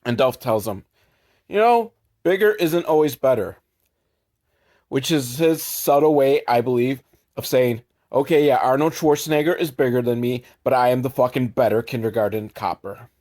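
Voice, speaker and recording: A man recapping a movie for comedy, sarcastic, jumping into quick put-on voices for the characters. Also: medium pitch, fairly even intonation, a little mellow.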